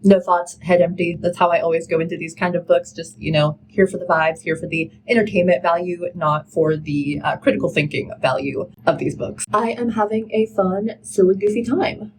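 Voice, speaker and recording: A woman's voice: on the low side, normal speed, hardly any pauses, slight background noise, low-quality recording. A woman vlogging about her reading in a casual, candid chat, dropping lots of "like" fillers. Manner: casual, filler-heavy, with frequent "like"; candid and critical, then upbeat. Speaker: book vlogger. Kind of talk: chatty reading vlog rant.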